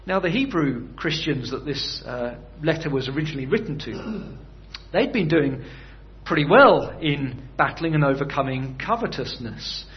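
A man's voice: a little high, expressive, normal speed, lo-fi sound. A man preaching a sermon in a conversational way, often putting rhetorical questions to his listeners.

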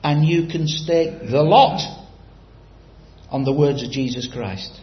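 A man's voice: a little high, slow pace, echoey room, dull audio. A man preaching a sermon, telling a story and quizzing the congregation directly.

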